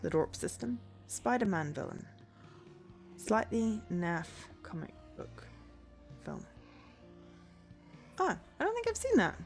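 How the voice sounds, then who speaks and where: A woman's voice: medium pitch, wildly swooping pitch, takes it slowly, long pauses, faint music behind. A woman in her thirties, a streamer chatting casually and rambling between tangents while she plays. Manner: rambling, chatty, self-deprecating. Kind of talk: casual chat while livestreaming a game.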